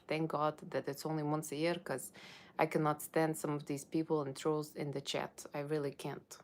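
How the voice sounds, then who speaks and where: With a low, darkish voice, a woman performs an in-character Halloween tarot reading as a brash fortune-teller. Putting on a Russian accent, she's sassy and blunt, tossing teasing asides to her viewers.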